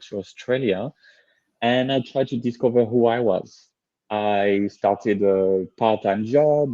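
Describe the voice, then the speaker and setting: A man in his thirties with a French accent, a lowish, mellow voice, telling his story earnestly and with upbeat energy. The sound is dry and a little dull. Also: no room sound. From France. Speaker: guest, leadership coach. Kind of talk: interview, personal story.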